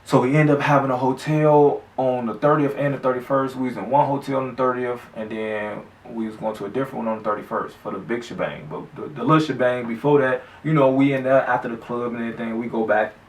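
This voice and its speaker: Gravelly man telling a street story. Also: medium pitch, steady tone, fast talker, few pauses. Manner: loose, profane street storytelling with acted quotes. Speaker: vlogger telling his own story. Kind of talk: casual story time. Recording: echoey room, mic at a distance.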